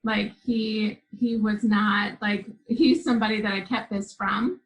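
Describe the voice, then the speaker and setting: A woman's voice: mid-range voice, steady tone, a little slow, rough recording. A woman guest telling a personal story in an interview, earnest and vivid, with frequent restarts. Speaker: guest, spiritual teacher.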